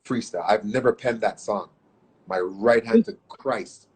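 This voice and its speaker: A middle-aged man from Canada, telling stories as a guest in a casual interview, animated and profane, acting out what others said. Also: fairly low pitch, a little slow, slightly rough. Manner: animated, profane storyteller who acts out quotes. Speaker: guest artist.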